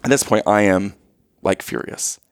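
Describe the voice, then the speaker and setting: A man telling a story in casual chat, animated, and often checking in with "okay?" and "right?". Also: lowish voice, normal speed, smooth, no room sound, clean studio sound. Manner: acts out quoted lines in raised voice.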